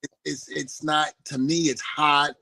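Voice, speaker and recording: A man's voice: fairly high pitch, unhurried, creaky. A man from New York, a guest on an interview show, telling a story and acting out the other people's voices in it. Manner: animated storyteller who acts out the voices of the people in his story. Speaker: guest, former wrestler.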